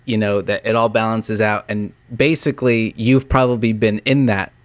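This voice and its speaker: A man's voice: fairly low pitch, steady tone, moderate pace, no room sound. A man co-hosting a casual tabletop podcast, eager and enthusiastic with frequent restarts. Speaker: podcast co-host.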